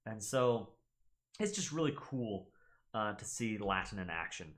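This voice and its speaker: A man's voice: fairly low pitch, lively intonation, measured pace, a bit bright. A young American man hosting a gaming channel, casually explaining things in a teacherly way and checking in with the listener. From United States.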